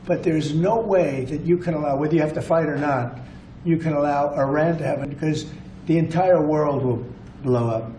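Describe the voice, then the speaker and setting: A man's voice: fairly high pitch, moderate pace, mellow, slight background noise. A man speaking as a politician answering reporters, with off-the-cuff, rambling, repetitive remarks. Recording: roomy clip with faint ambience.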